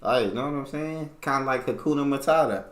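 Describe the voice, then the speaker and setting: A man's voice: mid-range voice, quick pace, a bit bright, roomy sound. An American man hosting a reaction video, chatting playfully and laughing with a colloquial manner. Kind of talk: casual reaction chat.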